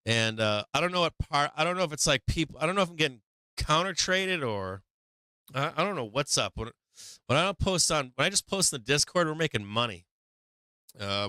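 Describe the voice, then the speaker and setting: A man's voice: medium pitch, pushed and bright, clean tone, dry recording. A man hosting a stock market livestream, chatting casually and profanely with his viewers in a rambling way.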